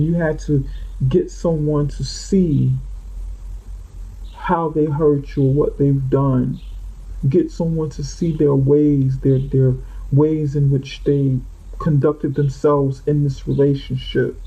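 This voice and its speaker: A man's voice: fairly high pitch, fairly even intonation, takes it slowly, warm tone, husky. A man giving a rambling, unscripted tarot reading who often repeats and corrects himself. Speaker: tarot reader. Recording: muffled lo-fi audio.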